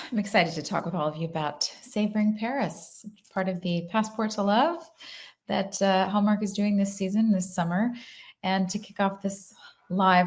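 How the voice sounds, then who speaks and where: A woman, an actress, chatting animatedly in a casual live question-and-answer session about her film. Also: fairly low pitch. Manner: chatty and animated, with fillers and asides.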